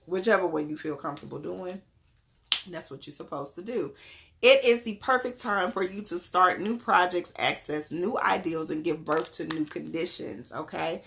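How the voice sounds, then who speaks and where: Woman, tarot reader, animated and preachy, slightly low voice, faint background hiss. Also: moderate pace, creaky. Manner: animated, preachy, greets live viewers. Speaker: spiritual tarot card reader. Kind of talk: casual live tarot reading.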